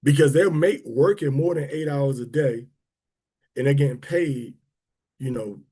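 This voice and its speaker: A man's voice: medium pitch, measured pace, mellow, husky. A man, talking casually to an online audience, rambling with restarts and drawling words for emphasis. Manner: rambling and conversational, with many restarts. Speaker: speaker of a prayer and teaching livestream.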